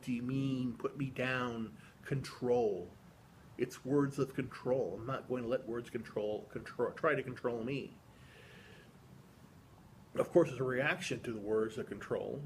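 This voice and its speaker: A man in a video diary, speaking at a middle pitch in an earnest, rambling way and often restarting his sentences. A faint hum of ambience sits under the recording. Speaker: vlogger. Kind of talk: reflective personal monologue.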